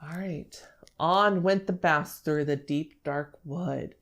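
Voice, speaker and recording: A young woman speech therapist explaining how to model language during a read-aloud, in an animated teaching manner. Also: low-pitched, takes it slowly. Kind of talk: instructional talk with read-aloud.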